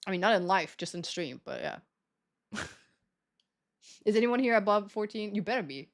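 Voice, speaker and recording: A woman's voice: medium pitch, animated, measured pace. A young woman streaming, chatting casually to her viewers, self-mocking and laughing often as she acts out conversations.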